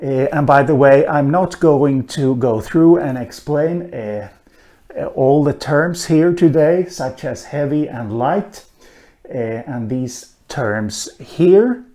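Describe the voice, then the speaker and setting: A man giving a linguistics lecture, talking slowly with many "uh" fillers and an occasional dry aside. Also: mid-range voice, expressive, dark tone. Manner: slow, hesitant, frequent "uh" fillers, dry asides. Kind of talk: recorded online lecture.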